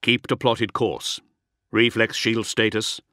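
A man playing a stern male war leader in an audiobook, giving firm, measured commands. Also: fairly low pitch, flat delivery, pushed and bright, no echo, clean studio sound. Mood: commanding.

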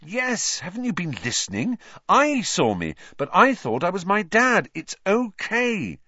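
A brave, desperate teenage boy wizard, as a male reader puts him on, pitched higher than the narration and pressing his words out urgently. The audiobook sound is dry and slightly muffled. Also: sing-song, measured pace, a bit bright, no echo, heavily acted.

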